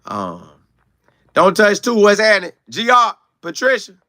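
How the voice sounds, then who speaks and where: A man's voice: high voice, huge pitch swings, unhurried, pushed and bright, dry recording, studio quality. A young man hosting a casual livestream, reading viewer comments and answering them, repeating words for emphasis.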